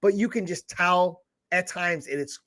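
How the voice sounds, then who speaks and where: A man's voice: high voice, measured pace, a bit bright. A man co-hosting a podcast, blunt and profane in casual chat. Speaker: podcast co-host.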